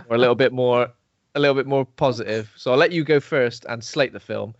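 A man's voice: medium pitch, fairly quick, dry recording, lightly acted. A man doing a teasing, mock-earnest imitation of his male co-host on a podcast, recorded dry and a bit dull.

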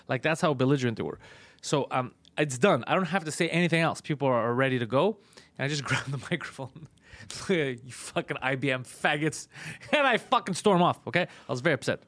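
A man casually telling a story on a podcast, fast, profane and animated. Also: a little high, dry recording. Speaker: podcast host, comedian.

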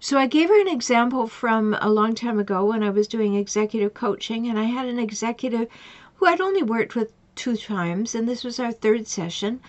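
Female coach, emphatic advice monologue, slightly high voice, muffled lo-fi recording. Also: lively intonation, fairly quick. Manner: emphatic, repeats pointed questions. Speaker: relationship coach. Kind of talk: advice monologue with retold client stories. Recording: dull lo-fi recording.

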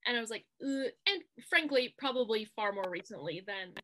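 A woman's voice: fairly high pitch, lively intonation, normal speed, sharp tone. A woman co-hosting a podcast, chatting casually and animatedly as she recaps a TV movie and quotes its scenes in playful voices. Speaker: podcast co-host.

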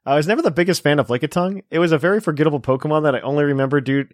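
A man's voice: a little high, racing, dry recording. A man co-hosting a podcast in casual chat, reading listener emails with dry humor. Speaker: podcast co-host.

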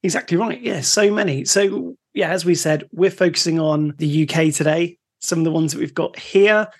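A man's voice: a little high, moderate pace. A man co-hosting a podcast, chatting casually, steering the talk and asking the questions. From United Kingdom. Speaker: podcast co-host.

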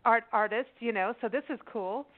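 Excitable woman on a tinny phone line. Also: fairly high pitch, normal speed. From South Africa. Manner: animated storyteller, excitable. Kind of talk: casual chat.

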